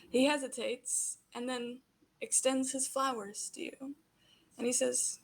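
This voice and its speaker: A woman narrating a tabletop role-playing game as game master, describing scenes in an unhurried, descriptive way. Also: sits high, flat delivery.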